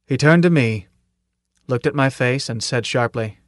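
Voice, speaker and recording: Guy narrating a novel, steady and measured, dead dry room. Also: mid-range voice, dry recording. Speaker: audiobook narrator. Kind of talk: scripted narration.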